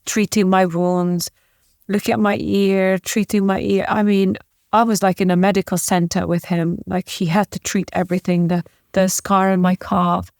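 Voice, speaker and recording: A woman from the former Yugoslavia, a guest in an interview, telling a personal story in a halting, emotional way with restarts. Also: mid-range voice, darkish tone, clean tone, dry recording, clean studio sound. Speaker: podcast guest.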